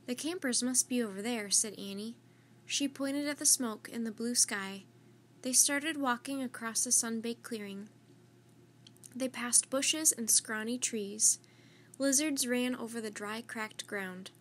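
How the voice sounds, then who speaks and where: Woman reading a kids story aloud, steady and gentle, a bit high pitched, faint hum. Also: slow pace. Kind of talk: children's story read aloud.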